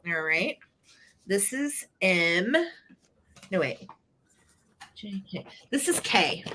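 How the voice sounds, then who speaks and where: A woman's voice: mid-range voice, expressive, extremely slow, pushed and bright. A woman co-hosting a live vintage sale, chatting enthusiastically as she describes each item. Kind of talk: live sale product chat.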